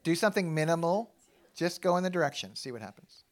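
A middle-aged man giving a casual, animated sermon to a live church audience, self-deprecating and thinking aloud with frequent restarts. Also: a little high, fast. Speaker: pastor.

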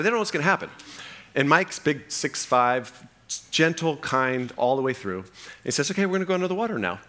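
A middle-aged male pastor preaching a sermon, telling stories with animation and often checking in with "okay?". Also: medium pitch. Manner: animated storytelling with frequent "okay?" check-ins.

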